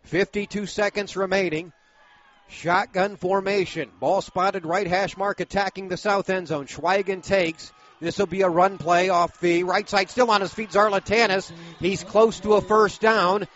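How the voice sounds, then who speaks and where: A man calling high school football play-by-play, brisk and steady, bursting into shouts on big plays. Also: highs cut off. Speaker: play-by-play announcer.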